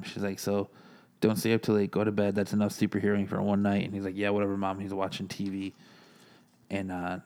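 A low, gravelly male voice with little rise and fall. He recaps and reviews comic books in a loose, rambling way, full of "um" and "like." He quotes the characters' lines in the same plain voice. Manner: rambling, many fillers, retells lines in plain voice.

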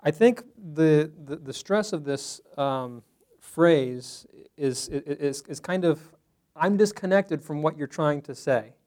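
A man's voice: a little high, a little slow, a little mellow. A man teaching a Bible study class to a small group in a room, talking conversationally and asking the group questions.

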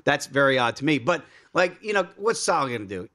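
Animated male sports radio host. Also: fairly quick. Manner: animated, acts out quotes in high mock voices. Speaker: sports betting show host. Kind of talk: casual sports radio banter.

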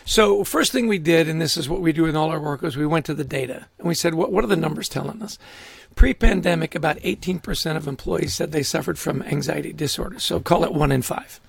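A middle-aged man with a high, gravelly voice and a husky edge, speaking as a guest in a podcast interview. He tells lively stories and acts out quotes with relish. The sound is close and dry. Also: fast talker, no echo. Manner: animated storyteller, acts out quotes, laughs often. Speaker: guest author.

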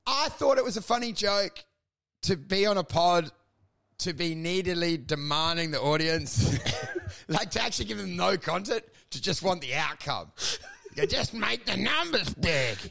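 A man's voice: high voice, moderate pace, vocal fry, a bit bright. A man co-hosting a comedy podcast, telling rambling stories, acting out voices and laughing often. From Australia. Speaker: podcast co-host and stand-up comedian. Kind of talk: casual comedy podcast chat.

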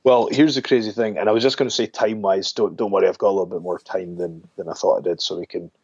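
A man with a lowish voice talks casually as an interview guest, circling back and restarting his sentences. The sound is dull and lo-fi and very dry, with no room around it. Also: fast, slightly rough, dry recording. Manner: relaxed, rambling with many restarts.

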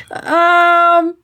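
A woman's voice: extremely high pitch, sharp tone. An American woman co-hosting a podcast, recapping a baking show in casual, wry and sweary chat. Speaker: podcast co-host.

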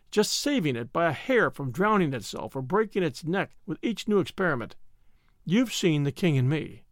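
Male audiobook narrator, wry and humorous, gravelly tone, very dry close sound. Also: on the high side, no echo. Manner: wry, dryly humorous storytelling. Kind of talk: scripted narration.

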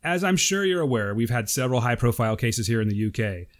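A man's voice: medium pitch, fast. A man co-hosting a podcast, chatting casually and reading a listener's email aloud with jokes. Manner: animated, jokey, reads listener mail aloud. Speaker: podcast co-host.

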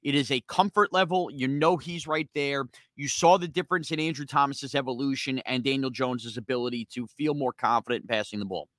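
A man hosting a sports podcast, ranting heatedly in a rapid-fire, fired-up way that gets loud at times. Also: medium pitch, dry recording. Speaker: sports talk podcast host.

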